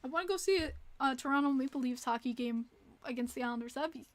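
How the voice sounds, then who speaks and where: High-voiced chatty woman streamer. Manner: chatty, reacts to viewer chat with quick exclamations. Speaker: livestream host. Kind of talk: casual livestream chat.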